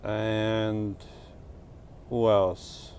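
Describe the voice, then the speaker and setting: A man's voice: on the low side, flat delivery, very slow, darkish tone, a little hiss or hum. A middle-aged man from Portugal with a New Jersey and New York accent, hosting a casual live stream, rambling and joking as he reads comments. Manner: rambling, self-correcting, joking.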